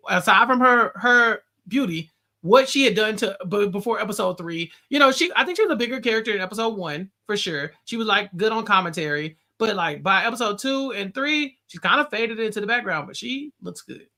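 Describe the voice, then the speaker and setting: Young guy host, bright voice, casual recap chat, lots of uh and restarts. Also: sits high. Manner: relaxed, halting with restarts and fillers. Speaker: podcast host.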